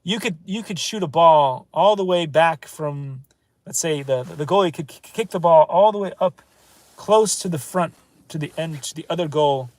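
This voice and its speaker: A man hosting a casual book review, talking in a digressive, self-interrupting way with offhand asides and reading some phrases slowly. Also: fairly high pitch, dry recording. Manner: reads French phrases slowly and deliberately. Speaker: channel host reviewing books. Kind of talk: casual rambling review monologue.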